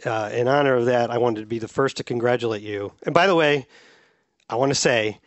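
A middle-aged man co-hosting a podcast, telling stories in a relaxed, chatty way. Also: mid-range voice, a little fast, dry recording, highs cut off. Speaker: podcast co-host. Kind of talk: casual chat.

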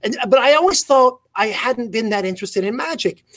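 A man with a notably high voice tells long, wandering stories from his own life. His accent blends English, South African and American sounds. He often backs up and corrects himself mid-sentence. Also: animated, fairly quick, fairly bright tone. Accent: mixed English, South African and American. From England. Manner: rambling, storytelling, self-correcting. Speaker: guest magician. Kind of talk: casual video-call interview.

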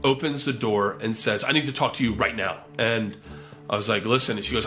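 A man telling a wild comic anecdote with lots of swearing, excitedly acting out the other people's lines in raised voices. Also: medium pitch, fast talker. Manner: profane, excitable, acts out the quotes in raised voices. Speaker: storyteller.

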